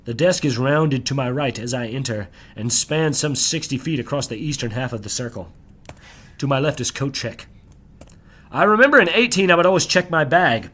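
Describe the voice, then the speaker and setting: A man reading his own novel aloud in the first person, measured and descriptive, slowing on key phrases. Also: mid-range voice, animated, fairly bright tone.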